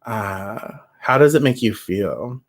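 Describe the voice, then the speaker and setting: A man's voice: on the low side, animated, slow. A man giving a casual livestream tarot reading, chatty and emphatic, reacting to viewer comments as he goes. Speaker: tarot reader.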